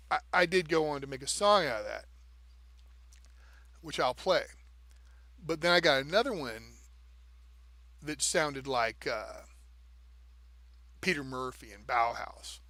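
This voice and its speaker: A man's voice: fairly high pitch, animated, slow pace, long pauses, pushed and bright, dry recording. A man co-hosting a live stream, explaining things step by step in casual talk and checking in with the listener as he goes. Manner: taps out rhythms with "da, da".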